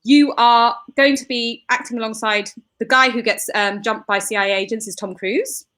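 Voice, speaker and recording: A middle-aged woman telling a comic anecdote in front of a live audience. Her voice is fairly high, and she breaks into laughter as she acts out the people in her story. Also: steady tone, moderate pace, fairly bright tone. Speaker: comedy podcast co-host.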